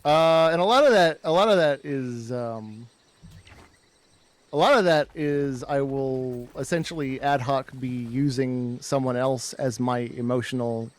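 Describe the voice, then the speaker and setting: A man's voice: mid-range voice, measured pace. A man chatting casually on a live stream, dry and wry, often chiming in with short agreements.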